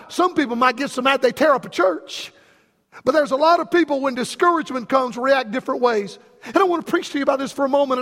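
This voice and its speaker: A man's voice: extremely high pitch, a bit bright. A man preaching a folksy, storytelling sermon to his congregation, calling out questions to the people in the pews. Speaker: pastor. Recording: long hall reverb.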